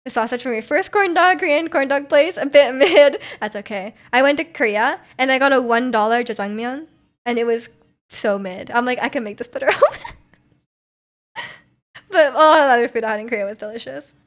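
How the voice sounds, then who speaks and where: High-voiced giggly woman streamer. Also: normal speed. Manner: chatty and giggly, with frequent laughs and filler words. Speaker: livestream host. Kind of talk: casual chat reading viewer messages.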